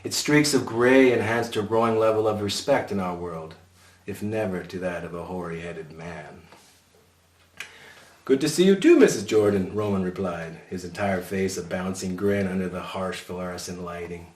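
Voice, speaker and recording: A man's voice: sits low, steady tone, normal speed. A man narrating his own memoir in a dry, wry storytelling voice. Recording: roomy sound from a distant mic.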